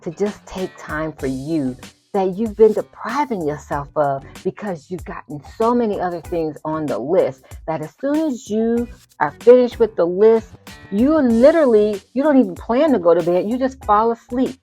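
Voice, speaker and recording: A woman's voice: mid-range voice, animated, moderate pace, warm tone, faint music behind. A woman hosting a motivational podcast, emphatic and preacherly, repeating phrases for effect and turning playful at times. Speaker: podcast host.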